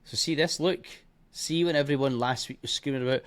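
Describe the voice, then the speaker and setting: A man walking through trading charts in a blunt, heavily profane and scornful way, punctuating points with bursts like boom and bish bash bosh. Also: normal speed. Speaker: trading educator. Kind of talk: live chart walkthrough.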